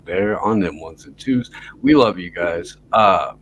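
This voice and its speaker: Dude hosting a podcast, low voice, swears a lot, faint hum behind him. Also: male voice, animated, a little slow, poor audio. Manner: loose, profane, rambling. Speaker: podcast host. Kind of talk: casual chat.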